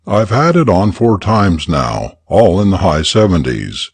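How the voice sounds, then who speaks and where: A man's voice: low-pitched, very animated, measured pace, husky, full character voice. A man voicing a tired night-shift monitor operator talking offhandedly. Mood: offhand.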